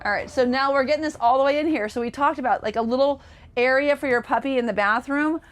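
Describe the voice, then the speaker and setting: A woman's voice: sits high, fast. A woman giving a casual, chatty walkthrough of a motorhome as a presenter, enthusiastic and full of fillers. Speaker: RV sales presenter. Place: inside a motorhome.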